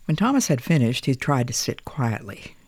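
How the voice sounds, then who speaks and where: A storyteller reading a picture book aloud in a gentle, expressive way. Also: mid-range voice, moderate pace, husky.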